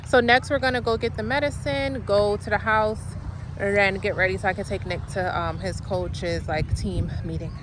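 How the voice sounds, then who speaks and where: A woman's voice: mid-range voice, steady tone, normal speed. A woman chatting casually in a rambling way with lots of fillers, vlogging about her day as a mom. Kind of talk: casual vlog chat. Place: in and around a car, outdoors. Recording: noisy outdoor and car ambience.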